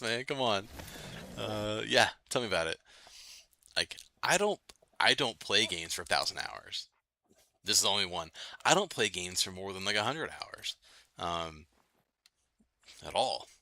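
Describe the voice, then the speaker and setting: A man hosting a late-night gaming livestream, chatting loosely with viewers, full of fillers and quick laughs. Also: low voice, sharp tone, no room sound. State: itchy nose. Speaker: livestream host. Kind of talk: casual gaming livestream chat.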